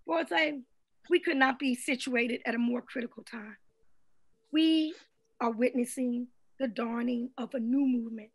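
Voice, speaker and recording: A woman preaching a rousing sermon over a video call, building to shouted call-and-response. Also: a little high, steady tone, measured pace. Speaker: guest minister.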